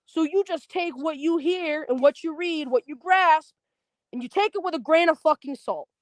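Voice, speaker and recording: Profane, heated high-voiced woman ranting. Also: normal speed, no echo. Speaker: stream guest. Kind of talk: angry livestream rant.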